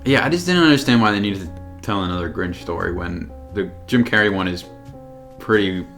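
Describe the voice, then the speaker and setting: A man with a fairly low voice chats as a podcast co-host. He is agreeable and hesitant, filling his sentences with 'like' and 'I mean'. Faint music sits in the background. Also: a little fast, gravelly, a bit bright. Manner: agreeable, hesitant, many likes and fillers. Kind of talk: casual chat.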